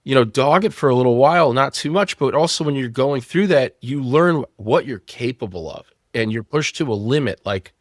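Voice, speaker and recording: A man in his thirties talks candidly on a podcast, sharing hard-won lessons with blunt, salty language. His voice sits at an ordinary middle pitch. The sound is close and dry, with no room around it. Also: animated, moderate pace, hardly any pauses, dry recording. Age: 30s. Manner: frank, swears freely, storytelling. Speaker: company founder.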